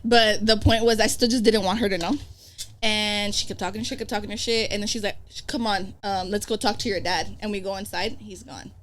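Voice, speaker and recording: A woman's voice: medium pitch, steady tone, brisk, slight background noise. A young adult woman, a podcast guest, telling a story in casual chat, swearing freely and acting out the quoted dialogue. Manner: profane, acts out quoted dialogue. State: pregnant.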